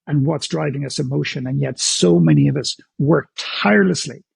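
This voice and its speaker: Speaking at a moderate pace in a somewhat high, creaky, husky voice, an author and speaker guests on an interview show. He's frank, blunt, and forceful, frequently stammering and starting his sentences over. It's a dry recording.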